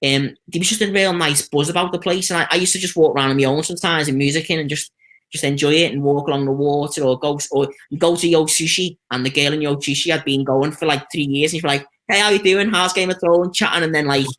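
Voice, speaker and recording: A Liverpool man chats freely as an interview guest, rambling through warm stories. His voice sits a little higher than most men's, and he slips into quick impressions of the people he met. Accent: Liverpool (Scouse). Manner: chatty storytelling, lively anecdotes with quoted voices. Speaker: stuntman guest. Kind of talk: casual interview chat.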